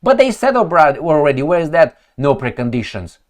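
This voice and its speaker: A man's voice: fairly high pitch, sing-song, fairly quick. A man who reads news headlines aloud and reacts to them with sarcastic, heated mockery. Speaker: political commentator.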